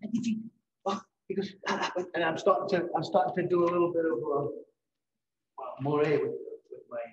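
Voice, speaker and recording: A middle-aged man giving a live painting demonstration, telling lively anecdotes and acting out what others said. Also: on the high side, a little fast, echoey room, muffled recording, a little hiss or hum. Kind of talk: storytelling during a live demonstration. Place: event hall.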